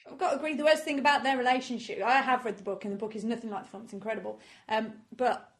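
A woman's voice: on the high side, fairly even intonation, rapid-fire. A woman co-hosting a casual film review chat, hesitant and losing her words. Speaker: podcast co-host.

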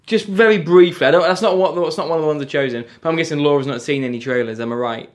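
A man co-hosting a casual film podcast, animated and mocking, swearing often. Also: on the high side, fast. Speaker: podcast co-host. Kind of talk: casual chat.

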